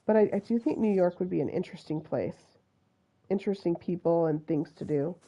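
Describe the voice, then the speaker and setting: A game streamer from Utah, USA, with a Utah accent, talks through live gameplay and chats to the animals on screen. Her voice is fairly low and dark, her pace brisk, and the recording's highs are cut off.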